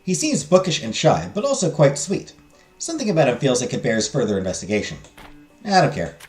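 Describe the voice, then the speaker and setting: A man's voice: mid-range voice, big pitch swings, brisk, a little mellow. A man streaming a story game, reading the narration aloud and joking playfully about the voices he does. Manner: playful, laughs at his own voices. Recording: roomy echo with faint game music.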